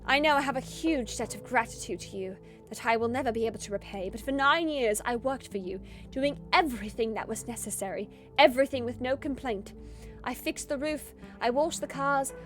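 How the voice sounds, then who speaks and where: A woman's voice: high-pitched, a little fast, fairly bright tone, soft background music. A woman voicing a weary male household worker who pleads earnestly in broken English. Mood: pleading.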